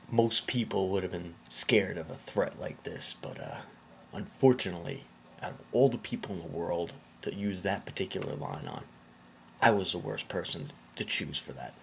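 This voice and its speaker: A man's voice: low voice, creaky, slight background noise. A man hosting a casual commentary video, talking in a sarcastic, incredulous way.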